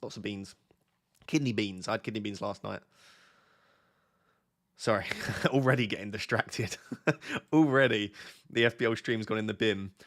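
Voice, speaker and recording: A man's voice: fairly low pitch, normal speed, long pauses, fairly bright tone. Chatty man hosting a live stream. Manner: chatty, easily sidetracked, reads out chat messages. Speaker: fantasy football streamer. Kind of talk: casual live-stream chat.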